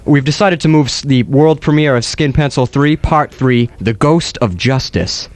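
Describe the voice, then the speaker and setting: A man's voice: medium pitch, normal speed. A man hosting a comedic radio show, rambling and playful with mock-dramatic asides.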